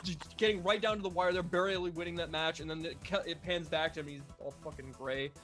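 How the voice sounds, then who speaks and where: Man, co-commentator, casual jokey banter, slightly high pitch. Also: steady tone, quick pace, a bit bright, faint music behind.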